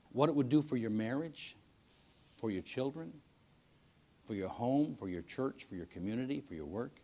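A man preaching a sermon in a church service, telling stories in a folksy way, swinging between loud emphasis and hushed lines. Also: mid-range voice. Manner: folksy storytelling with repetitions and restarts.

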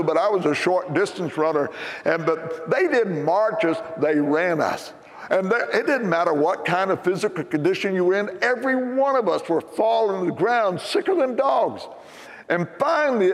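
An older American man preaching a sermon in a church, telling a story with animated, emphatic punchlines. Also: sits high, in a large hall. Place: church sanctuary.

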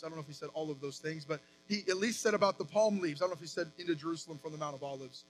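A man in his thirties preaching a sermon as pastor, with animated emphatic rises and quick asides. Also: sits high, slight background noise, rough recording.

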